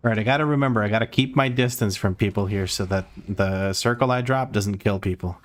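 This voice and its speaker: A man's voice: lowish voice, a little fast. A man streaming a game, giving casual, wry, joking commentary as he plays. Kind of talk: live gameplay commentary.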